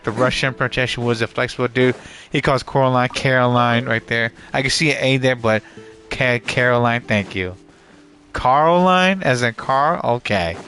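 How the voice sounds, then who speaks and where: A man's voice: medium pitch, sharp tone. A man livestreaming a game on a headset mic, chatting casually with viewers in a rambling, self-correcting way, with frequent swearing and laughter. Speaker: gaming livestreamer. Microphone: gaming headset.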